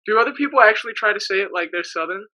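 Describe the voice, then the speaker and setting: Bright-toned playful man hosting. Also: high-pitched, lively intonation, rapid-fire, poor audio. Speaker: podcast host. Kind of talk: casual chat.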